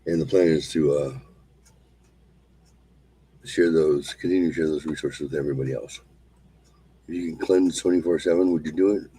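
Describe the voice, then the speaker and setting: A man hosting a solo show, calmly leading a repeated mantra and chatting casually. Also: rumbling low, breathy edge, low-quality recording. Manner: calm, slow, repetitive chanting of phrases. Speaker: host.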